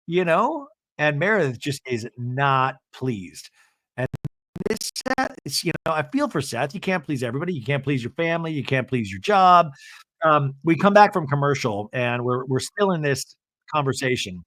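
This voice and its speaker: A man hosting a casual comedic podcast recap, animated and quick to mimic the people he describes, swearing now and then. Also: on the high side, no echo. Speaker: podcast host recapping reality TV.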